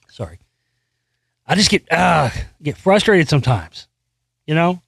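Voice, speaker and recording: A man's voice: a little high, very animated, measured pace, creaky, long pauses, husky, no room sound. A man hosting a solo commentary show, reading a news article aloud and breaking into profane, frustrated rants full of restarts. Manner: reads news text aloud, then comments. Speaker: host.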